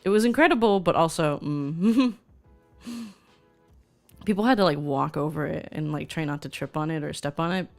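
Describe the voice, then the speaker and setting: Bubbly young woman streamer, lowish voice. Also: normal speed, creaky, long pauses, darkish tone, faint music behind. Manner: bubbly, gushing, reads chat aloud. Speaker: VTuber streamer. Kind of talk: casual stream chat.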